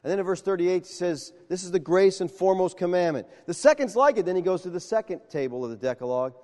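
A man preaching a sermon, telling stories with animated acted-out dialogue. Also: sits high, fast talker, long reverb tail. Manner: animated storytelling, acts out dialogue. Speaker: pastor.

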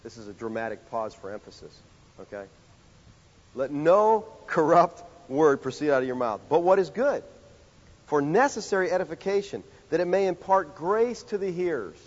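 A male pastor preaching a sermon in a conversational, animated way, full of rhetorical questions. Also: fairly high pitch, normal speed. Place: church sanctuary. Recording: dull sound with long hall reverb.

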